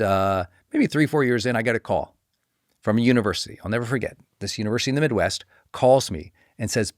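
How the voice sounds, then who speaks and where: A middle-aged man hosts a podcast and tells a story from his own life. His voice swings widely in pitch as he acts out what other people said to him. It is a dry, close recording with no room sound. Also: no room sound. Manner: animated, acts out quoted voices with pitch jumps. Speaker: podcast host. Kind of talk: personal storytelling.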